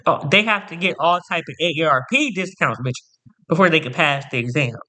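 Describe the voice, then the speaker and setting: A man's voice: fairly high pitch, expressive, brisk, pushed and bright. A man ranting to camera in a storytime vlog, sassy, boastful and theatrical, repeating punchy catchphrases. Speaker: vlogger.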